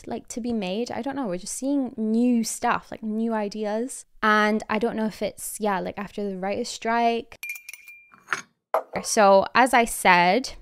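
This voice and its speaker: A woman's voice: fairly high pitch, clean tone. A woman in her twenties, hosting her podcast in a chatty, candid way with a mild Scottish accent tinged with American, often laughing. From Scotland. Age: 20s. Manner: chatty, lots of likes, quick laughs. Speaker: podcast host. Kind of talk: casual chat.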